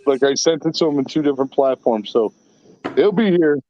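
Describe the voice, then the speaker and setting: A man co-hosting a casual podcast, chatting excitedly and laughing between lines. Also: a little high, fairly quick. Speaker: podcast co-host. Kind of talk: casual chat. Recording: dull lo-fi call audio.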